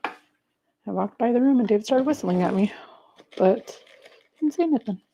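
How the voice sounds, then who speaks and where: A middle-aged woman with a mellow, warm voice hosts a casual home livestream. Her talk is chatty and rambling, and she keeps turning to greet viewers by name as she moves around. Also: on the high side, lively intonation, a little slow, creaky, slight background noise, rough recording. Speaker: livestream host.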